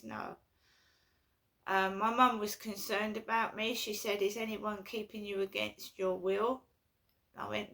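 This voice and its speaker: Anxious rambling woman, gravelly and bright. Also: medium pitch. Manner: anxious, rambling, repetitive complaints. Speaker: vlogger. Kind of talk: casual personal vlog.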